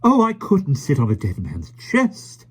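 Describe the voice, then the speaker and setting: A man voicing a fussy, flustered older lady with a shrill, fluttery voice in a storybook reading. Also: wildly swooping pitch, measured pace, slightly rough, heavily acted. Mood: fretful.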